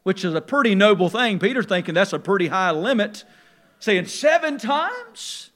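Preacher guy, bright ringing voice, goes quiet then loud, drags words out slow. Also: sits high. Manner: swings from quiet musing to loud emphatic preaching. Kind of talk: sermon.

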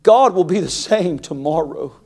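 A pastor with a high, light voice preaches to his congregation at a measured, animated pace. At times he speaks plainly and confidingly, then builds into loud, rising preaching that hammers each phrase, swinging from quiet asides to shouting.

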